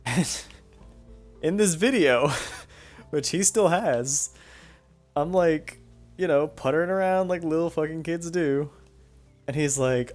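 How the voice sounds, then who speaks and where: A man's voice: a little high, slow, long pauses, a little mellow, faint music behind. A young man streaming a game, telling stories in a rambling, profane way and laughing often. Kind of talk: casual storytelling while playing a game.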